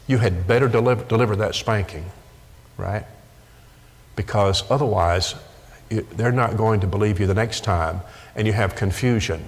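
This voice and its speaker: A man's voice: on the low side, moderate pace. A middle-aged man preaching a sermon emphatically, often repeating words as he presses a point. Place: church sanctuary. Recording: echoey church hall.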